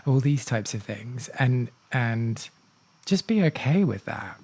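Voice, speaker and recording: Man, podcast host, casual interview, animated, excitable, mid pitch. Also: takes it slowly, husky. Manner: animated, excitable, laughs often, swears.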